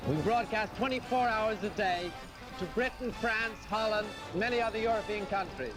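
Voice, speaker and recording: A man's voice: sits high, normal speed, low-quality recording. A radio DJ man making defiant, proclaiming station announcements. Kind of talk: 1960s pirate radio announcing. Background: music.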